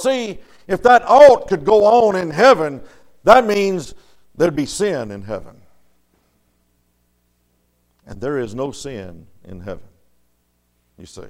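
High-voiced preacher. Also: male voice. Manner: folksy, swings between soft murmurs and loud emphatic lines. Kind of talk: storytelling sermon.

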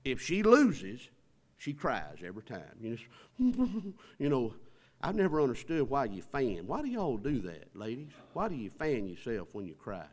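A man's voice: medium pitch, huge pitch swings, normal speed, a little mellow. A middle-aged man, preaching a sermon in a folksy, conversational way with rising emphasis. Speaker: pastor.

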